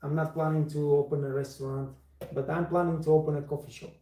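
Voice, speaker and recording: Guy on a live stream, mellow voice, kinda high, repeats himself for emphasis, echoey room. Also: little pitch movement, fast. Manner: emphatic, repeats words for stress, non-native phrasing. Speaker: livestream host and waiter trainer. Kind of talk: casual livestream talk.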